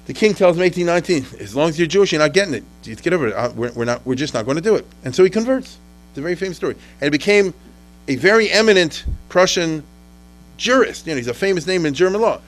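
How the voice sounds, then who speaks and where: A man giving a casual history lecture to a class, full of restarts, who acts out the people he quotes with sudden jumps in pitch.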